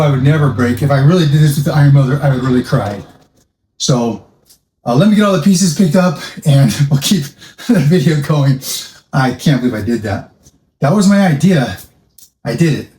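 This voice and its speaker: Guy rambling about his builds at the workbench, kinda high mellow voice, echoey room. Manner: chatty, rambling, self-amused. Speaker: toy-scrap model builder, channel host. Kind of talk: casual workshop vlog. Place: home workshop at a workbench. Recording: echoey room with faint music.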